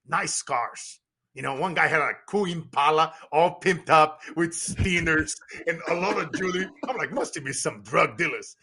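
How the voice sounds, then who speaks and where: A man from Brazil with a Brazilian accent, a podcast guest telling stories in an animated, emphatic way and often laughing. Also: fairly high pitch. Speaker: podcast guest, business coach. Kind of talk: casual storytelling conversation.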